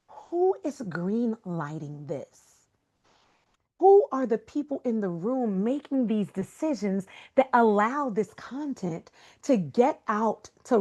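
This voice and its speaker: During a motivational talk on a video call, a woman guest speaker delivers an emphatic, preacher-like message packed with rhetorical questions. Her voice is on the high side with a darkish tone.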